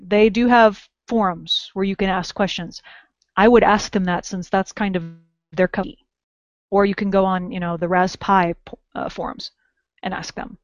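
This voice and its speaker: A woman's voice: medium pitch, no echo. Chatty woman podcast host, dull dry audio. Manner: chatty, wry, self-mocking. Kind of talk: casual chat.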